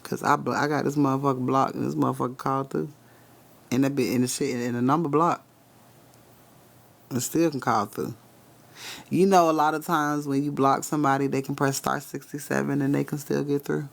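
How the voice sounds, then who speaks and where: A man live-streaming loose spiritual readings, swearing freely and breaking into laughter as he talks. His voice has a gravelly, fried edge at a middling pitch, and he speaks straight to the viewers in the chat. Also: flat delivery, fairly quick.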